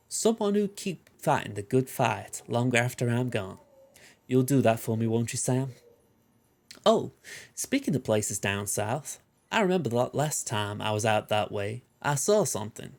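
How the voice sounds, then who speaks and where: A man's voice: medium pitch, a little mellow, lightly acted. A man voicing a proud, independent veteran male delivery porter in a put-on, folksy accent, reading game dialogue. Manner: folksy, plain-spoken drawl.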